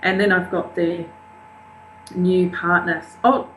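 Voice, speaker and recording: A woman's voice: fairly low pitch, normal speed, fairly bright tone. Earnest woman recounting in an echoey room. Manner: candid, earnest recounting of a painful event. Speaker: interview guest. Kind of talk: personal storytelling. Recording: roomy, echoey with faint hum.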